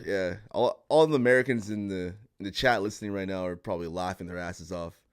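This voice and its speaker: A man's voice: low-pitched, a little fast, few pauses, clear, resonant tone. A man from Canada, chatting casually with his live-stream viewers and rambling through stories with frequent chuckles.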